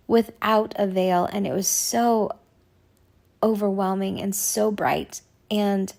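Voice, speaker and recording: Gravelly-voiced woman giving a halting testimony. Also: medium pitch. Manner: halting, searching for words with many restarts; soft, often dropping to a near whisper. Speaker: person sharing a spiritual testimony. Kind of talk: personal testimony monologue.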